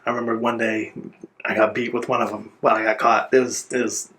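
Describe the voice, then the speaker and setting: A man being interviewed, telling his own life story in an earnest, reflective way and pausing now and then to gather his words. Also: lowish voice, level tone, fairly bright tone. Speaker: interview guest.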